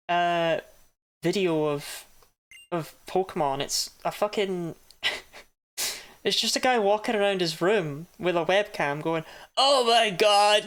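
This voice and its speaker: A woman chatting casually while streaming a game, laughing often and swearing now and then. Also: on the low side. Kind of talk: casual live-stream commentary.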